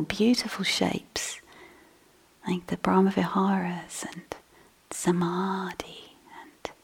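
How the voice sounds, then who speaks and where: A woman meditation teacher giving a dharma talk in a soft, breathy voice that often drops to a whisper. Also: fairly low pitch. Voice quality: husky, gravelly. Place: meditation hall.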